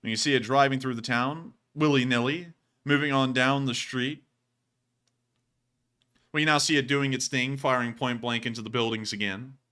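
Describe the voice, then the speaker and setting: A man's voice: mid-range voice, fairly even intonation, pushed and bright, clean tone. A man hosting a commentary show, talking casually over video clips in a joking, sarcastic way. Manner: joking, sarcastic, quick to laugh. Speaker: host of a war footage commentary show.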